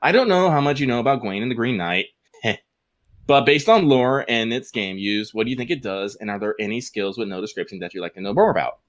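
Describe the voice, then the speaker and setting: A man co-hosting a podcast, chatting casually and reading out listener mail in an animated way, laughing often. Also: mid-range voice, fast. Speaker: podcast co-host.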